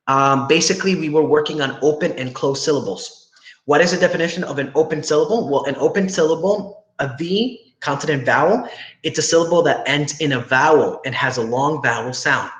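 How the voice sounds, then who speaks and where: A man's voice: on the high side, fairly quick, fairly bright tone. A young man teaching a class over a video call, explaining step by step and often asking "right?" to check that students follow. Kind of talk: online class instruction. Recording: echoey room with faint noise.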